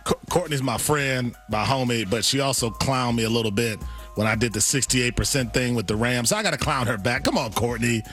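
A man's voice: mid-range voice, brisk, a bit bright, faint music behind. A man co-hosting a sports radio show, talking casually and wryly.

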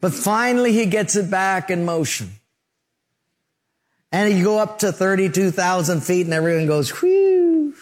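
A middle-aged male pastor preaching a sermon, telling lively stories with sound effects and acted-out quotes. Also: high voice, normal speed, in a large hall.

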